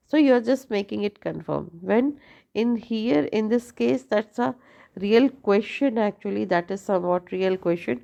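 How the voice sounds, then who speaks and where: A woman teaching an English grammar lesson, speaking deliberately and often checking in with the listener. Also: mid-range voice, creaky, dark tone, muffled recording.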